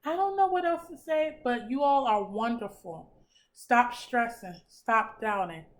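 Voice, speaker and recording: A woman's voice: fairly high pitch, unhurried. A young woman giving a tarot reading in a casual, blunt and encouraging way, swearing freely. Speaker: tarot reader.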